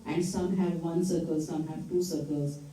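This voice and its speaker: A woman's voice: low voice, fairly even intonation, moderate pace, warm tone, slight background noise. A woman giving a temple lecture, retelling scripture stories in a conversational way and quizzing her listeners. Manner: conversational storytelling, quizzes the audience. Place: temple hall. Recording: echoey hall, mic from far off.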